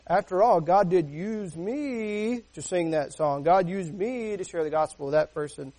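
A man with a high voice preaches a sermon in a relaxed, conversational way. He keeps asking his listeners rhetorical questions and slips into little acted-out voices as he makes his points. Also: measured pace. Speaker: pastor.

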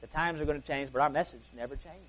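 A man preaching a sermon in a church service in an earnest, folksy way, swelling on key words and then dropping low and soft. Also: quick pace, poor audio. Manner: folksy asides.

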